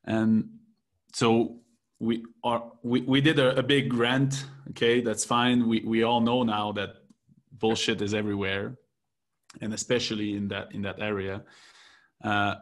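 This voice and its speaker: A man's voice: on the low side, flat delivery, unhurried. A man co-hosting a podcast, talking reflectively with hesitant restarts. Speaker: podcast co-host. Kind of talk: casual chat.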